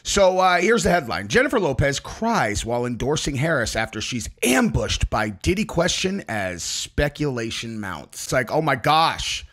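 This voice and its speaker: A man's voice: mid-range voice, sing-song, moderate pace, hardly any pauses, fairly bright tone. A man hosting a commentary channel, talking casually and opinionatedly, sometimes mocking people with impressions. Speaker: podcast host.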